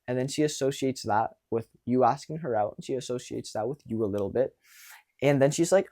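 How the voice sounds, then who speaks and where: A young man coaching viewers on dating in a casual monologue, animated and blunt, with casual swearing. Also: fairly high pitch, fairly quick.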